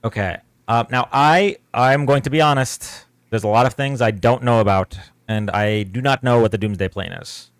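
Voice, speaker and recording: A man in his thirties hosting a live political debate stream, talking casually in a laid-back monotone while hoarse and losing his voice. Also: mid-range voice, moderate pace, no room sound.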